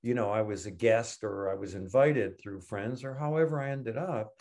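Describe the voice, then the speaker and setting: Low-voiced older man telling rambling stories. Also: normal speed, a little mellow. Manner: rambling anecdotes with self-corrections. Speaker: podcast co-host. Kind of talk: casual storytelling.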